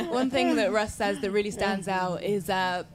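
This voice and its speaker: A woman's voice: mid-range voice, sing-song, a little slow, slight background noise. A woman interviewing two guests, asking friendly, hesitant questions.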